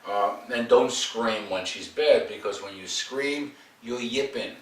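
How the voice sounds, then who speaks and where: A man's voice: medium pitch, a little slow. A man working as a dog trainer, coaching owners at home in a direct, demanding, joking way. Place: home, indoors. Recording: roomy, distant, faint background noise.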